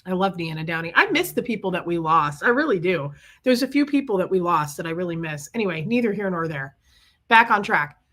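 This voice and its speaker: A middle-aged woman telling a story to her viewers. She is sick with chest congestion and rants in animated bursts, stopping to greet viewers by name. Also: lowish voice, fairly quick. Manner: ranting, animated storytelling, reading out viewer names. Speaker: livestream host. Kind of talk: casual chat to viewers.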